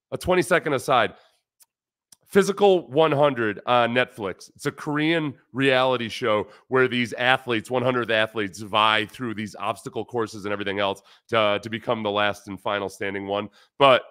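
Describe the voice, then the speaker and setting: A former football player in his forties hosting a casual sports livestream, talking in animated, rambling bursts with restarts while reading chat comments aloud. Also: mid-range voice, clean tone, dry recording, studio quality. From United States.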